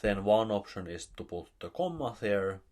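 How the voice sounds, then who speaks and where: A man with a Finnish accent giving a recorded math lecture, explaining step by step with many pauses and fillers. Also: fairly low pitch, expressive, a little mellow. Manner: slow, halting, with many fillers.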